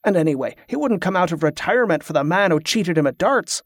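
A man's voice: high voice, animated, quick pace, no room sound, studio quality. A man voicing an eager, naive young male sailor.

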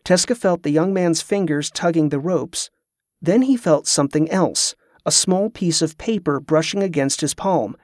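A man narrating a novel as an audiobook, in a steady, even storytelling manner. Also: a little high, no room sound, studio quality.

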